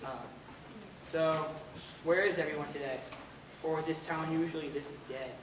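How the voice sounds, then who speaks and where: A courteous young researcher, played by a young actor speaks formally and carefully. His slightly high voice carries from far across an echoey room with noise behind. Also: fairly even intonation, normal speed, close to an everyday voice. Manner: polite, formal. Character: a polite young male researcher, an outsider. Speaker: actor in a school play. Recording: roomy stage sound from far off, noisy.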